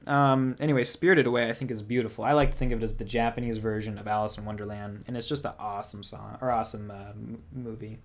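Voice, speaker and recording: A man's voice: fairly low pitch, little pitch movement, quick pace, few pauses. A young man hosting a casual music livestream, rambling in a chatty way and reading out viewer comments. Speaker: music channel host.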